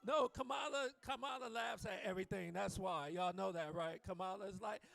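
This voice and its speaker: A man's voice: sits high, moderate pace, gravelly, fairly bright tone. A man performing a live stand-up set on a comedy club stage, swearing freely and teasing the crowd. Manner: profane, loose, teasing the crowd.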